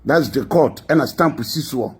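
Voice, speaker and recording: A man's voice: medium pitch, lively intonation, moderate pace, slightly rough. A man with a Ghanaian accent giving mocking gossip commentary, laughing often between lines. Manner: laughing, mocking, mixing languages.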